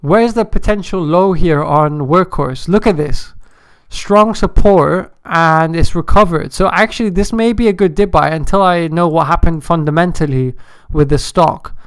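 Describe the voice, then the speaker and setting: A man hosting a day-trading livestream, chatting and joking with viewers in an animated way. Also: a little high, normal speed, few pauses, smooth, no room sound, studio quality. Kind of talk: casual live-stream commentary.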